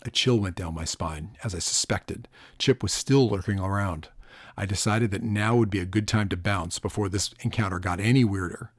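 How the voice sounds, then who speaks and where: Low-voiced male noir audiobook narrator. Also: moderate pace, no echo, studio quality.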